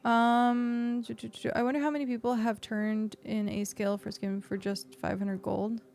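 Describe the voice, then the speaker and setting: A woman's voice: on the high side, flat delivery, normal speed, creaky, a little mellow. A woman streamer chatting casually as she plays and explains a game, with lots of fillers, into a desk microphone. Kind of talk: casual gameplay commentary. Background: faint background music.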